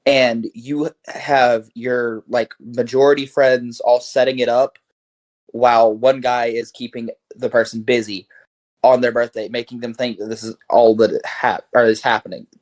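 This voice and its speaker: Brief: male podcast co-host, mid-pitched voice, profane ranting in casual chat. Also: darkish tone. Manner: ranting, heavy swearing.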